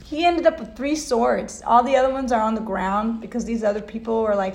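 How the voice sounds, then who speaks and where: A woman's voice: on the high side, fairly even intonation, a little fast, creaky, hardly any pauses, a little mellow. A woman giving a casual tarot reading at home, emotional and blunt, swearing freely. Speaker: tarot reader. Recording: echoey room.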